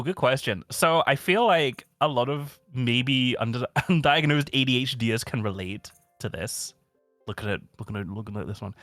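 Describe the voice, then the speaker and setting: A man chatting casually as a stream guest, rambling with lots of fillers and telling stories in an animated way. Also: medium pitch, no room sound. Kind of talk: casual chat.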